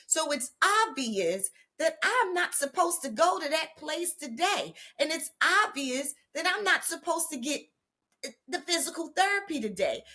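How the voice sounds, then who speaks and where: A woman hosting a mental health podcast in a casual motivational monologue, chatty and addressing listeners as family, sometimes hushing her voice for emphasis. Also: high-pitched. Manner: drops to a hushed voice for emphasis.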